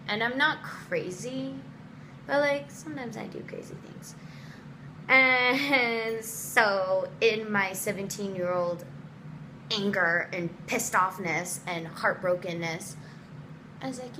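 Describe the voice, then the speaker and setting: Animated young woman, casual storytime. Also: slow pace, background noise. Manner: animated, swearing, quotes people in voices, dramatic pitch jumps. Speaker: vlogger telling a personal story.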